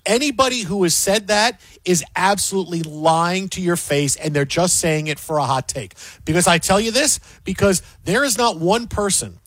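A man's voice: high voice, normal speed, hardly any pauses, a bit bright, no echo. A man hosting sports talk radio, ranting emphatically and mocking what others say.

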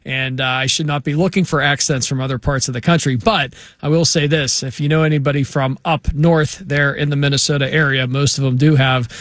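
Man, radio host, mid voice, dry studio sound, steady read. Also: mid-range voice, fairly quick, hardly any pauses, no room sound. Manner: steady announcer delivery, listing names. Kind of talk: radio show wrap-up. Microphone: studio microphone.

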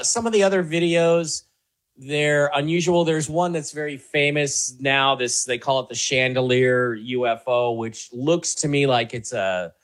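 This talk show guest gives earnest, conversational answers that wander, packed with fillers and false starts. His voice has a medium pitch and a fairly bright tone.

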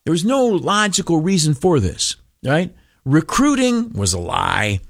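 A man's voice: fairly high pitch, big pitch swings, normal speed, creaky. A man hosting a talk radio show, telling a rambling, folksy story with lots of fillers and acted-out voices. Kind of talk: casual talk radio monologue.

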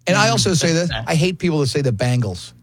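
A man's voice: a little high, fast talker, husky, no echo. A man hosting a morning radio show, joking and bantering with his cohosts. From Italian American. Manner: joking, animated, interrupts. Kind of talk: casual banter.

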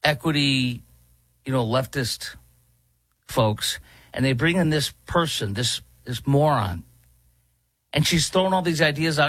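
A man's voice: on the high side, normal speed, pauses often, a bit bright, dry recording. A man hosting a political talk show, sarcastic and rambling with many restarts. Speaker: host.

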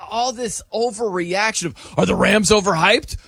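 A man hosting a casual sports talk show, animated and emphatic, laughing often. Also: high-pitched, takes it slowly, creaky, breathy edge, no room sound, studio quality.

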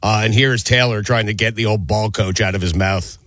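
A man's voice: on the low side, steady tone, a little fast, fairly bright tone, no echo. A man hosting a casual sports talk show, joking around and steering the talk with questions for his co-hosts. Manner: jokey, leads the conversation and asks questions. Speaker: host.

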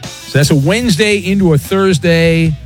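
Teasing talk radio host. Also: male voice, high-pitched, soft background music. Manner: brisk, teasing, reads listener questions. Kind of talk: sports talk radio chat.

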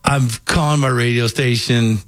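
Animated Southern radio storyteller, man. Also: medium pitch, normal speed, no echo. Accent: faint Southern. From Kentucky. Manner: animated storyteller, acts out voices. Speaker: radio host. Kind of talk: casual radio chat, storytelling.

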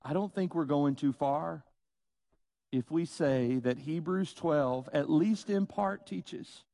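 A man preaching a sermon, slow and emphatic, with dramatic pauses and rhetorical questions. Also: a little high, creaky, dark tone, no room sound. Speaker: pastor.

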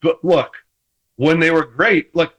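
A man and former quarterback telling stories in casual sports talk, animated, acting out the banter he quotes, with many restarts. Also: a little high, measured pace, breathy edge, dull audio.

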